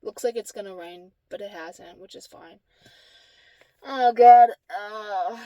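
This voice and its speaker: A woman's voice: medium pitch, slow pace, dark tone, no room sound. A woman vlogging to camera, telling a story in a blunt, profane, exasperated way. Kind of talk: casual storytelling vlog.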